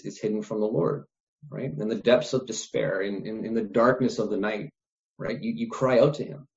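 A man's voice: on the low side, vocal fry, dark tone. A man preaching a sermon in an earnest way, often stopping to repeat words and asking "right?" as he reasons with his listeners. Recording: dull lo-fi recording.

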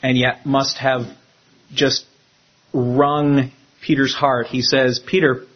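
A man, a pastor, preaching a sermon in an animated way and acting out the quotes he tells. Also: medium pitch, takes it slowly, muffled recording.

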